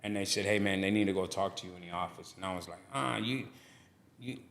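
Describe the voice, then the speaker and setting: A middle-aged man who owns a barbershop and is a pastor appears as a guest on a casual podcast. He tells stories animatedly, acting out the people he quotes. His voice sits low and moves fast.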